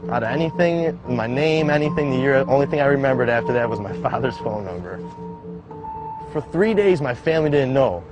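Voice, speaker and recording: A young man recounting a personal survival story in a casual, halting way, with many "like" fillers. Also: medium pitch, lively intonation, poor audio. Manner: casual, halting, heavy use of "like". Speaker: survivor telling his story. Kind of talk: documentary-style personal account. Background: background music.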